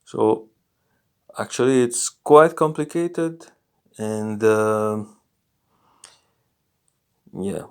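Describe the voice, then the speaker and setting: Slow, deliberate male language teacher. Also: fairly low pitch, darkish tone, smooth. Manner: slow, repeats each word form several times. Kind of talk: explaining grammar to a class.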